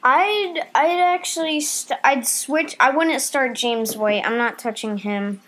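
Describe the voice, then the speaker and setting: A woman's voice: sits high, slow, a bit bright, a little hiss or hum. A woman co-hosting a podcast in casual chat, blunt and opinionated. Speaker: podcast co-host.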